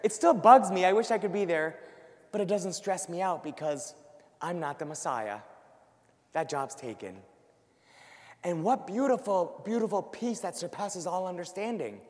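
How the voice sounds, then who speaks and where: A man giving a lively church talk to a live audience, acting out worried voices. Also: high voice, normal speed. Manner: animated, acts out worried voices. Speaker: Catholic speaker. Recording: long hall reverb.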